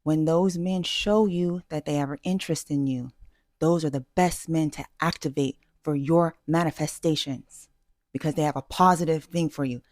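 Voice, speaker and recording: A woman's voice: deep voice, steady tone, normal speed, darkish tone, no echo, studio quality. A woman vlogger giving dating advice in a casual, self-assured way, emphatic and full of fillers and restarts. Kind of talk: casual talking-head advice.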